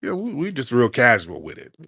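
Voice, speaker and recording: A man's voice: mid-range voice, wildly swooping pitch, fairly quick, bright, forceful tone, breathy edge, no echo, clean studio sound. A man hosting a comedic commentary show, talking in a blunt, casual, mocking way and laughing often. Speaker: host.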